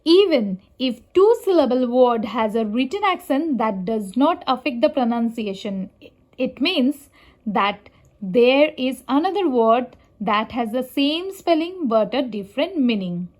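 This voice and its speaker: A woman teaching a language lesson at an unhurried pace, her voice sitting a little high. She explains step by step and stretches out each example word so it can be heard clearly. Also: expressive, a little mellow. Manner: measured, spells out example words slowly and clearly. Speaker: Spanish teacher.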